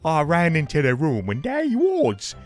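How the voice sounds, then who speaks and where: A man's voice: on the high side, wildly swooping pitch, normal speed, soft background music. A man voicing a chatty, gossipy male street vendor witness in a folksy manner. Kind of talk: game voice-acting.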